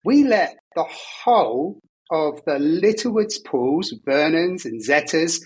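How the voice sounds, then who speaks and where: Slightly husky male co-host. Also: a little high, lively intonation, takes it slowly, a little mellow, low-quality recording. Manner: conversational, jokey, self-deprecating. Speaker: podcast co-host, data pundit. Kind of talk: casual chat. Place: travelling abroad.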